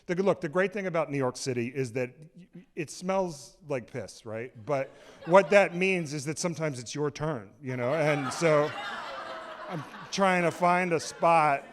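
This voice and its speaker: A man telling a comic story live on a small cultural center stage, excitable, rambling and self-mocking. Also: a little high, measured pace, crowd noise.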